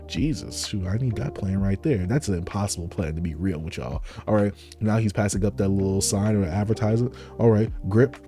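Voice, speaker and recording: Mellow low-voiced man reacting aloud. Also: brisk, few pauses, faint music behind. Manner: animated, laughs often, reacts aloud. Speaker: host reading a comic aloud. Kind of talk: live comic reading and reaction.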